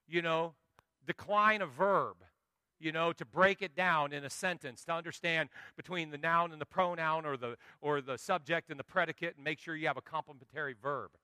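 A middle-aged man preaching a sermon as a pastor, lively and acting out the voices of the people he quotes, swinging between quiet asides and loud bursts. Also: on the high side, normal speed, smooth, no room sound, studio quality.

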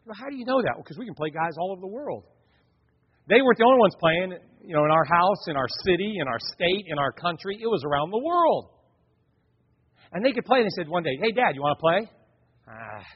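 A man's voice: sits high, fast talker, breathy edge. A middle-aged man preaching a sermon, telling family stories and acting out the voices of his kids and wife. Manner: animated storyteller, acts out his family's voices. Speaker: pastor. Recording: dull lo-fi sound in a reverberant hall.

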